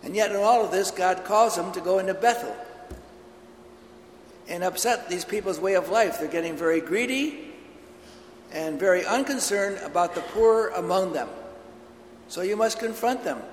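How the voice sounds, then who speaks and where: High-voiced preacher in an echoey church. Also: male voice, normal speed, pauses often, slight background noise. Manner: earnest, storytelling preacher. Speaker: priest. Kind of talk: homily. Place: large church. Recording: echoey church hall with long reverb.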